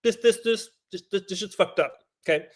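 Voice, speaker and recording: A man acting out a blunt, slangy male paramedic who talks casually and matter-of-factly. The voice sits fairly high for a man. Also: a little fast.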